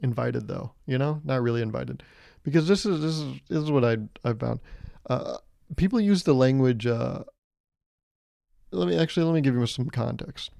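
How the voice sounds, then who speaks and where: Gravelly, sarcastic young podcaster. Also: male voice, mid-range voice, normal speed, warm tone, no echo, clean studio sound. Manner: sarcastic, rambling, swears freely, acts out scenes. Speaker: podcast host. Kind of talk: solo comedic podcast rant.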